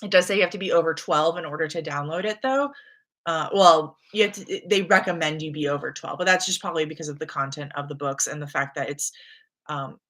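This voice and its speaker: A woman's voice: low voice, a little fast. A young woman from the States hosting a casual reading livestream, chatting easily and reading out viewers' messages. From United States. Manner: relaxed, chatty, reads chat aloud. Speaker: livestream host.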